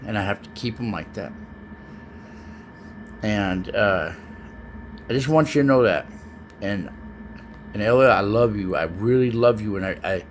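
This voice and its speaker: A man recording a personal video message to his child, talking in an earnest, halting way and often repeating words as he searches for what to say. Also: on the low side, slight background noise. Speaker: parent speaking to his child. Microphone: self-recorded video, facing the camera.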